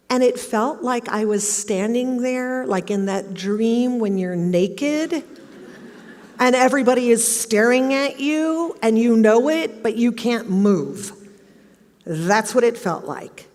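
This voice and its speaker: A woman's voice: on the high side, expressive, takes it slowly, a little mellow. A middle-aged woman giving a motivational talk on stage, telling a personal story and acting out the questions she quotes. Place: large auditorium. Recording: long hall reverb.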